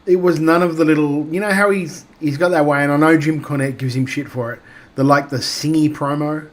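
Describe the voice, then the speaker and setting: A man's voice: a little high, brisk. An Australian man co-hosting a wrestling podcast, talking casually with lots of fillers and restarts. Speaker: podcast co-host.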